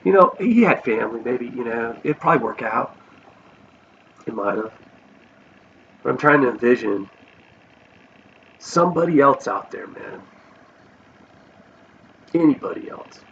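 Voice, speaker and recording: A man's voice: medium pitch, lively intonation, measured pace, creaky, pauses often, fairly bright tone, recorded from a distance. A man vlogging a personal story, earnest and rambling, with many restarts, on a dull lo-fi recording with faint hiss.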